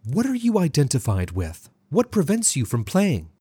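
A firm woman tutor in a storybook, commanding and encouraging, her lines lifted a little higher and full of lively swings, as a narrator puts her on. The husky voice sits close and dry. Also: normal speed, no echo, full character voice. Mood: coaching. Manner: commanding, coaching.

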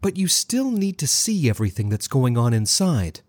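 A man's voice: mid-range voice, very animated, normal speed, a little mellow, no room sound, studio quality, pitched above the performer's own voice. A reader voicing a firm, encouraging woman tutor who gives commands and coaches her students. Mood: coaching.

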